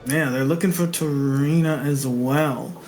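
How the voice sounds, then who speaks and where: A man narrating a tabletop game as game master, playful and animated. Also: a little high, unhurried, soft background music.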